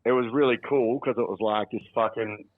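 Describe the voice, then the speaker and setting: An Australian man rings into a podcast while on holiday abroad, chatting in a laid-back way and swearing often. His medium-pitched voice is fairly even and fairly quick, with no echo, over a dull lo-fi call line.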